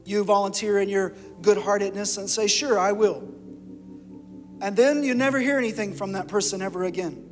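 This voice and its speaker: High-voiced male pastor preaching in a reverberant hall. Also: steady tone, fast talker, hardly any pauses. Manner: impassioned preaching, swinging from loud to hushed. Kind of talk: sermon. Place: church sanctuary. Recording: long hall reverb with music behind.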